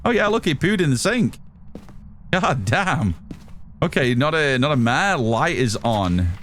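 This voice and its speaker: A man's voice: fairly high pitch, sing-song, unhurried, a bit bright, a little hiss or hum. A man streaming live, chatting casually with lots of restarts and swearing. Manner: rambling, swears freely, many restarts. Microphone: studio mic through an audio mixer.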